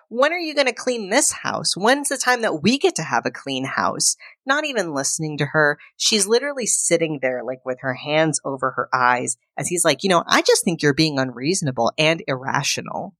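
A woman with a notably low voice chats through a movie plot for a podcast. She jumps into the characters' lines as she goes, and the sound is close and dry with no room echo. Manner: animated retelling, acting out characters' lines. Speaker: podcast co-host. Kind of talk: casual film recap.

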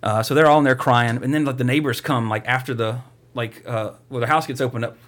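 Man, middle-pitched, loose and profane; rambles and mocks while retelling a film plot. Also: steady tone, fast talker, fairly bright tone, slight background noise. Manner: rambling, profane, mocking storyteller. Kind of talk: casual movie recap chat.

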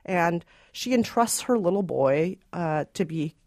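Woman, podcast co-host, lively up-and-down pitch, dry close sound, casual movie chat. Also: unhurried, dry recording. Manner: animated, laughs easily. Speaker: podcast co-host, film critic.

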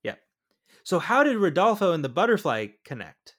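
A man's voice: sits high, very animated, normal speed, fairly bright tone. A man co-hosting a podcast, casually recapping a film and checking plot points aloud. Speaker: podcast co-host. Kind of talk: casual film review chat.

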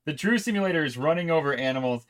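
A man's voice: fairly high pitch, lively intonation, rapid-fire, a bit bright. Rambling, laughing male gaming podcaster. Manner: rambling, laughing, self-interrupting. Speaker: podcast co-host. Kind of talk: casual gaming chat.

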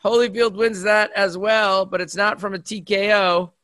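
A man's voice: high voice, steady tone, normal speed, bright, forceful tone, dry recording. A man co-hosting a casual chat, telling a story in a conversational way. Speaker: podcast co-host.

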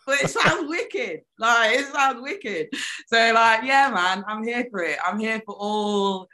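A young woman musician chatting as an interview guest, animated and laughing often, often trailing off mid-sentence. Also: a little high, normal speed. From United Kingdom. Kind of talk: casual interview chat.

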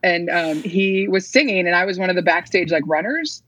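Breathy woman telling a story on a podcast, voice swoops all over, dry close sound. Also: lowish voice, moderate pace, dry recording, poor audio. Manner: animated storyteller, laughs often, many fillers. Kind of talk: casual chat, storytelling.

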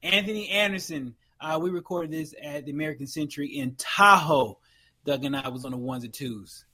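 A man's voice: fairly high pitch, pushed and bright. A man co-hosting a podcast in casual chat, talking with many restarts and laughs. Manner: halting, lots of restarts and laughs. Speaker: podcast co-host.

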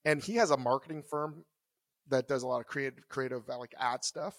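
A man in his forties co-hosts a podcast, rambling freely about food in casual chat. His voice sits at an ordinary pitch and sounds dry and close, with no room around it. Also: a little fast, dry recording. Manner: rambling, loose and conversational. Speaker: podcast co-host.

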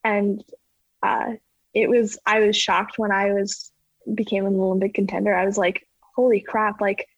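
A woman talking casually as an interview guest, full of fillers like "like" and acting out her own quotes in a higher voice. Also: flat delivery, moderate pace, no room sound, highs cut off. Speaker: guest athlete.

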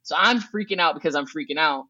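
Animated woman from Southern California. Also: fast, slightly rough, dry recording. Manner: animated, acts out her own past thoughts with big pitch jumps; swears casually and laughs between thoughts. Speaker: guest, educational consultant. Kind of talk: casual interview storytelling. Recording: dull, dry sound.

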